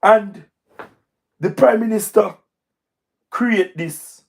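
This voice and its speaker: A man with a Jamaican accent giving emphatic, repetitive political commentary on a livestream, his voice going hoarse. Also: high voice, extremely slow. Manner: repetitive, emphatic, speaks in patois. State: hoarse, voice wearing out. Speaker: livestream host. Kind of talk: live-stream political commentary.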